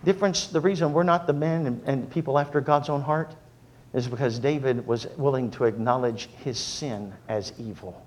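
A man preaching a sermon, moving from humorous storytelling to earnest, quieter exhortation. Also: medium pitch, moderate pace.

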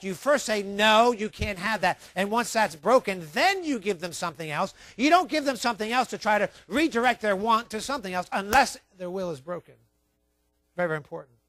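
A man preaching a sermon, emphatic and repetitive, telling his listeners to write points down, swinging between quiet asides and loud stressed words. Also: sits high, dry recording. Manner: emphatic, repeats key points, tells listeners to write things down. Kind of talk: sermon on child training.

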